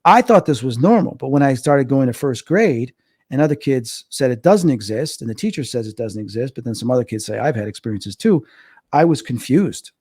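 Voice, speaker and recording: A man's voice: mid-range voice, fairly quick, husky, dry recording, clean studio sound. A man, a medium guest in an interview, telling stories from childhood and acting out the voices in them. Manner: animated storyteller, acts out quotes. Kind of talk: storytelling in a casual interview.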